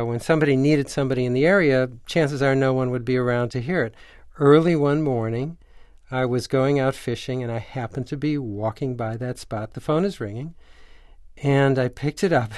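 A man's voice: medium pitch, no echo. An older man shares a story from his career in a radio interview. He brings the quoted people to life as he talks. His voice is recorded close and dry. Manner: animated anecdote teller, acts out quoted voices. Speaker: screenwriter guest.

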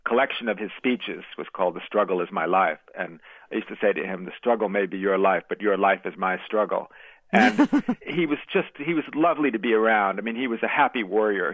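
A man's voice: on the low side, no room sound. An American man, an author and former magazine editor, answering interview questions in a reflective, storytelling way. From United States. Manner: reflective, storytelling, with small laughs and restarts. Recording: tinny phone-line sound.

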